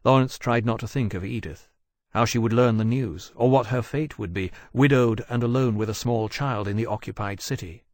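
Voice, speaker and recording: A man narrating an audiobook in a measured, steady way. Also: medium pitch, no echo, clean studio sound.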